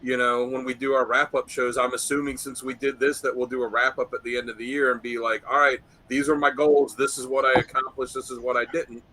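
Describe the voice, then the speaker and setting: A man's voice: mid-range voice, little pitch movement, fairly quick, few pauses, pushed and bright, rough recording. Rambling man on a podcast. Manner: rambling, filler-heavy. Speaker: podcast co-host. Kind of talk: casual chat.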